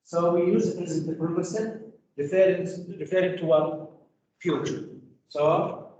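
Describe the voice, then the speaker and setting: Slow, patient male teacher. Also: high-pitched, darkish tone, echoey room, lo-fi sound, a little hiss or hum. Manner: slow, patient, mixes Arabic with English. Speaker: English teacher. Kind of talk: online class teaching.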